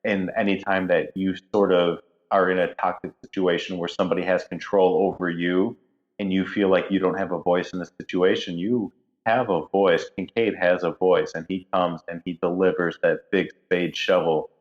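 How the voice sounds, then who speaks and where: A man's voice: deep voice, little pitch movement, normal speed, muffled recording. A man on a podcast talking enthusiastically and reflectively about a film he loves. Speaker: podcast co-host. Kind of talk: casual podcast discussion.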